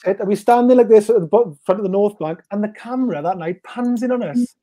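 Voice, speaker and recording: A man in his fifties with a Welsh accent, an animated guest who acts out what people said while telling stories in casual chat. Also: sits high, fast, crowd noise.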